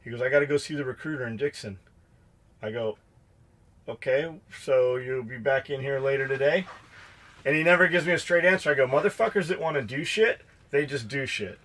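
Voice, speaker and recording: Middle-aged man, podcast co-host, profane storyteller, acts out dialogue, casual chat, average pitch. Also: a little fast, fairly bright tone. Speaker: podcast co-host and shop owner.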